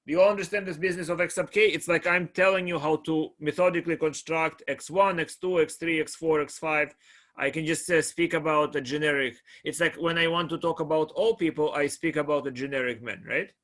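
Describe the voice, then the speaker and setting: A man's voice: a little high, steady tone, a little fast, fairly bright tone. Talkative man giving a calculus lecture. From Russia. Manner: conversational, checks in with students often. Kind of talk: classroom lecture.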